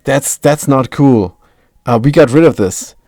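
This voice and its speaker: A man's voice: mid-range voice, unhurried, dark tone, dry recording, clean studio sound, close to an everyday voice. A man playing a flustered, stammering politician. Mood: fretful. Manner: hesitant, stammering. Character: flustered male politician worried about reelection.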